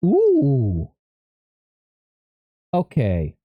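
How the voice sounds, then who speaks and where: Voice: medium pitch, huge pitch swings, drawn-out words, dry recording, phone-quality sound. A live streamer chatting casually and thinking aloud, often stopping to correct themself.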